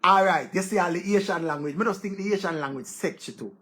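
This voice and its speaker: A man with a Jamaican accent giving excitable casual commentary, repeating words and breaking into exclamations. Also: high-pitched, fast talker. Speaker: online show host. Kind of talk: casual commentary in Patois-laced English.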